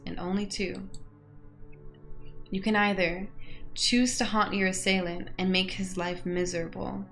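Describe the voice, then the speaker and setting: A woman's voice: medium pitch, a bit bright. A young woman reading out game questions and reacting in a chatty way, laughing often and getting emotional. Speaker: gaming YouTuber.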